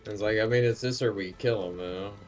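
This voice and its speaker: A man chatting as a player in a tabletop game, tossing off jokes and quick quips. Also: on the low side, faint music behind. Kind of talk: casual chat in a tabletop game.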